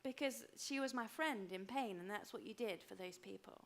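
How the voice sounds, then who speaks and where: A woman in her fifties preaching a sermon, emphatic and repeating phrases for weight, dropping to a hush for personal stories. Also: medium pitch, moderate pace. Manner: drops to a hushed voice for personal stories. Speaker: pastor.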